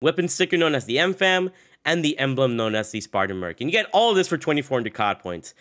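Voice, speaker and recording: A man's voice: mid-range voice, big pitch swings, a little fast, fairly bright tone. Young man, sick voice, casual gaming commentary, upbeat, rambling. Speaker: gaming YouTuber.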